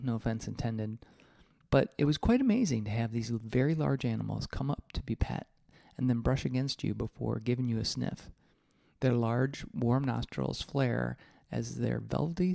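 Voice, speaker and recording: A man's voice: mid-range voice, gravelly, dark tone, no echo, clean studio sound. A male podcast host reading a personal essay aloud in a reflective, candid, mildly profane way.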